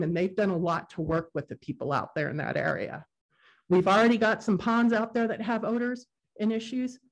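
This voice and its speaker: Earnest woman speaking at a hearing. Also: mid-range voice. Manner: emotional, earnest, a bit unrehearsed. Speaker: resident testifying at a public hearing. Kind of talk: public comment at a council meeting.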